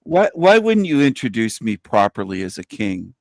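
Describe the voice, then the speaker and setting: A man's voice: fairly low pitch, big pitch swings, normal speed, creaky, no room sound, clean studio sound. A man calling in to a live stream, talking in a mock-pompous, trolling way. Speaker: call-in guest. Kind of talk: casual live-stream chat.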